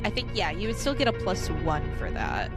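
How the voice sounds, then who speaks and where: A woman's voice: lowish voice, sing-song, moderate pace, over music. A woman game master who narrates the action loosely, with lots of "like" and "um" and frequent laughing. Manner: giggly, loose, peppered with likes and ums. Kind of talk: running a tabletop game, casual.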